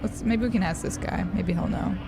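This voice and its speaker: A woman's voice: fairly low pitch, a little fast, vocal fry. An American woman live-streaming a game, chatting casually and rambling with many fillers and laughs. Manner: rambling, giggly, lots of fillers. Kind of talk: casual live-stream chat while gaming.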